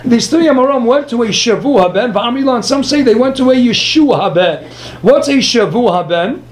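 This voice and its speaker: A man teaching a Talmud lesson, firing off rhetorical questions and answering them himself. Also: extremely high pitch. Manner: animated, rhetorical questions, quick asides. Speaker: Torah teacher. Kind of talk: Talmud lecture.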